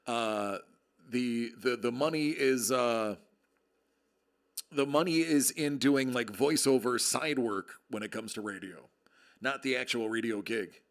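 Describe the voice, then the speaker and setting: A man's voice: mid-range voice, measured pace, fairly bright tone. A man hosting a casual live stream, projecting his voice into a close microphone in a jokey, chatty way. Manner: projected, radio-style delivery; jokey, chatty, reads out viewer comments. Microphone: close desk microphone with level meter.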